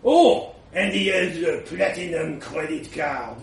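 A boastful, scheming man in broken English, talking slowly with a lively, swinging pitch, as a man puts him on. The voice sounds roomy and a little far from the mic. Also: gravelly, exaggerated voice.

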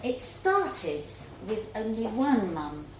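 A woman reading a story aloud in a child's first-person voice, expressive and lively. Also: a little high, takes it slowly, slight background noise. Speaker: story reader. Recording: roomy echo, faint room ambience.

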